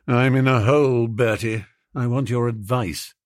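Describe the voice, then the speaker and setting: A man voicing a gloomy, hard-up young gentleman in an audiobook, rambling in flustered, old-fashioned slang. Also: medium pitch, steady tone, unhurried, dry recording, clean studio sound, close to an everyday voice. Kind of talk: audiobook character voice.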